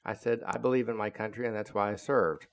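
A man in his seventies, a retired naval officer, telling a story in an indignant, deliberate, lecturing way. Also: on the low side, fairly even intonation, creaky, a little hiss or hum. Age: 70s. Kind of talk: casual storytelling monologue.

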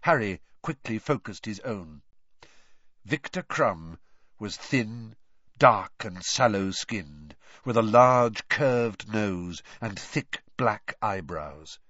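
Animated male audiobook narrator. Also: on the low side, takes it slowly, dry recording. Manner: animated storytelling. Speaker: audiobook reader. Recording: dull dry lo-fi sound.

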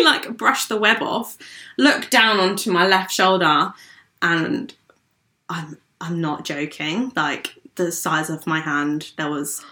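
A young English woman telling a story in casual chat, animated, laughing often and acting out what people said. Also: medium pitch, a little slow. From England. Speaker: podcast guest.

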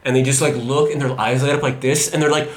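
A man's voice: medium pitch, steady tone, quick pace. A man telling a long, rambling story in casual podcast chat, swearing freely and laughing often. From Los Angeles. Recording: roomy echo.

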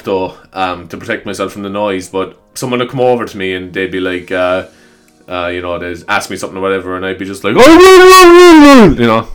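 An Irish man with a lowish voice rambles through a loose, casual monologue into a desk mic. He swears freely and laughs between his points. Faint upbeat music plays behind him. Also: a bit bright. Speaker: vlogger. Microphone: desk microphone.

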